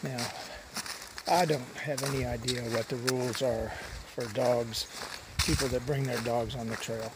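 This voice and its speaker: With a steady tone and measured pace, this mid-range male voice comes from a long-distance hiker filming a vlog on a mountain trail. He rambles in a relaxed way, saying "uh" a lot, with outdoor sounds in the background.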